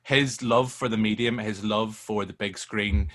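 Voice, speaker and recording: A man, telling stories as a guest in a casual film chat, animated and sweary. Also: fairly low pitch, unhurried.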